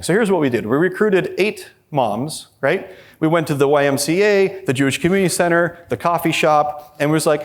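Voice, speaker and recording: Male conference presenter with a fairly high voice, speaking candidly and bluntly to a live audience. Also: lively intonation, a little fast. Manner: acts out quoted dialogue with shifting pitch.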